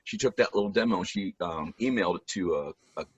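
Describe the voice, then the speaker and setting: A hoarse man, a musician and voice actor, telling lively stories on a video call, often laughing and clearing his throat. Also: low-pitched, fast talker, no room sound, dull audio. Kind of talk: casual storytelling chat.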